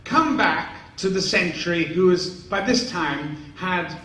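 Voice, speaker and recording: A man's voice: sits high, animated, slow, a bit bright. A man in his sixties telling rambling, amused anecdotes to a live convention audience, acting out the quotes. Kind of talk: live Q&A storytelling. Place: large convention hall. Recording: echoey hall, distant mic, faint noise.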